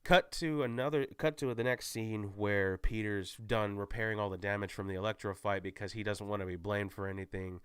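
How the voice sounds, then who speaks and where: A man's voice: fairly low pitch, steady tone, brisk, few pauses, a bit bright, clean tone, no echo. A man giving a casual, rambling movie spoiler recap, often stopping to correct himself. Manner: rambling, self-correcting, many restarts. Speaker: movie reviewer.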